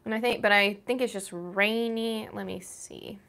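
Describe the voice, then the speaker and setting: A young woman co-hosts a relaxed live stream, chatting easily with the host. She rambles a little and loops back to restart her thoughts. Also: medium pitch, moderate pace, creaky. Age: young adult. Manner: easygoing, rambling, many fillers and restarts. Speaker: co-host and chat moderator. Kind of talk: casual chat. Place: home art studio, indoors.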